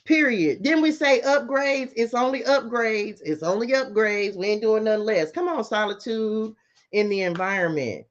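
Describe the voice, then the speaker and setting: A woman's voice: fairly high pitch, normal speed. A middle-aged woman, giving a casual tarot reading and talking straight to her viewers in a sassy, chatty way. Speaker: spiritual tarot reader. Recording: slightly muffled lo-fi audio.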